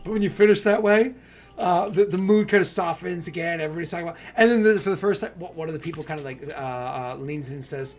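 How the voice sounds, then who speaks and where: A man running a tabletop game in a casual, animated way, laughing often and using many fillers. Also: a little high, fast, a little hiss or hum. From New England. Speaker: game master.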